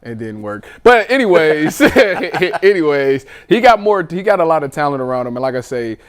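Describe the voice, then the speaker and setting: A man's voice: on the high side, very animated, normal speed, clear, resonant tone. Easygoing man, sports panelist, loose casual delivery, frequent laughs. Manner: easygoing, laughs often, repeats words.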